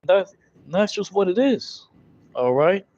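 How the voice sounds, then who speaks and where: A man's voice: sits high, sing-song, slow pace, noisy background. A man teaching scripture in a loose, conversational way, full of fillers and tag questions. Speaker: Bible teacher. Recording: dull lo-fi recording.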